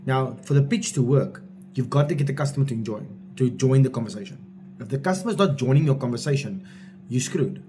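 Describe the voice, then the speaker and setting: Man, sales coach, blunt and emphatic, mid-pitched voice, faint background noise. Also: lively intonation, fairly quick. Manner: emphatic, blunt and informal, drives points home with repetition. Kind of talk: direct-to-camera coaching talk.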